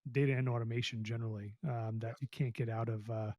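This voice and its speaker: A man's voice: medium pitch, little pitch movement, fast talker, mellow, dry recording. Upbeat male podcast host, dry sound. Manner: enthusiastic, conversational with fillers. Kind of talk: casual interview chat.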